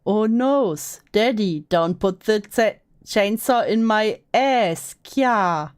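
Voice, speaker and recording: A woman voicing a simpering, childish uwu girl with exaggerated cutesy baby talk and drawn-out whimpers, as a mocking dramatic reading. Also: medium pitch, expressive, clear, resonant tone. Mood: whimpering. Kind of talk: mock dramatic reading of comments.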